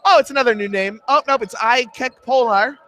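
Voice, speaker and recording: Young man, college radio basketball play-by-play, jokey, rapid, high bright voice. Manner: jokey, rapid play-by-play that jumps in pitch on big shots. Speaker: play-by-play announcer.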